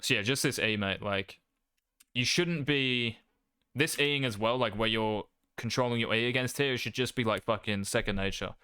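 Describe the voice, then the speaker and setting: In this casual gameplay coaching commentary, a cocky, self-assured young man curses liberally as he talks. His mid-range voice comes across bright, strong, crisp and smooth at a normal speed. It's miked close and dry, with no echo or sense of space.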